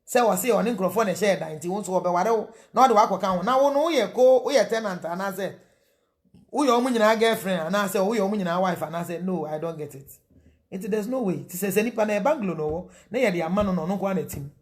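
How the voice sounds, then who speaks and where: A woman's voice: mid-range voice, a little fast, a little mellow. A middle-aged woman with a Ghanaian accent, preaching marriage counsel in a sermon, mixing Twi and English and asking rhetorical questions.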